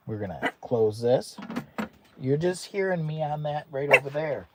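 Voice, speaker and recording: A man's voice: a little high, expressive, unhurried, noisy background. An American man chatting casually on a camping livestream from inside a hot tent, often talking baby talk to his dog. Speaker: camping vlogger.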